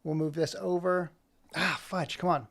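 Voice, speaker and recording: A man's voice: on the high side, fairly even intonation, unhurried, a bit bright. A man chatting casually and thinking aloud as he edits an animation, muttering to himself while he works. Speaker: video creator editing an animation. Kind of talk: casual live chat while working.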